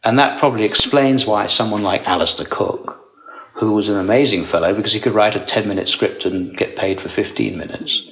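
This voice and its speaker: Male contributor, lowish voice, informative and anecdotal, muffled radio sound. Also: a little fast. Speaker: interviewee. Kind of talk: radio interview.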